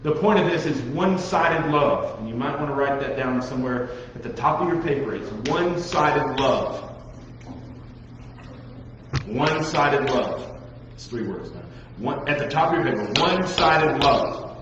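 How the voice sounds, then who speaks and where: A man preaching a lively sermon to young listeners, talking straight at them and acting out the voices of the people he describes. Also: medium pitch, measured pace. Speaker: pastor. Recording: dull, echoey hall recording with faint noise.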